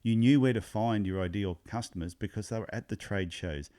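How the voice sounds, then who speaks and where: A man's voice: on the low side, a little fast, warm tone. An Australian man hosting a podcast interview, with an upbeat, chatty manner. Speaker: podcast host.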